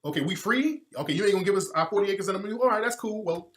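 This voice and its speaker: Emphatic, profane male commentator. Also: racing. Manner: emphatic, swings between loud outbursts and low muttering; profane, preacherly repetition. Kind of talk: impassioned monologue.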